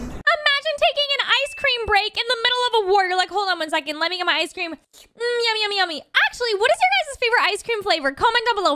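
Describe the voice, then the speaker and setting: A woman hosting a reaction video, excitable and talking straight to her viewers, often gasping and giggling. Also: extremely high pitch. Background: loud background music.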